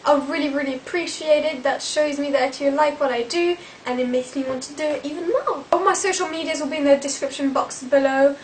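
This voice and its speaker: Woman, chatty vlog storytelling, high voice, rambling fillers, faint hiss. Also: steady tone, fairly quick, hardly any pauses, recorded from a distance, low-quality recording. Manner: rambling, lots of "like" and "um". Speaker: vlogger.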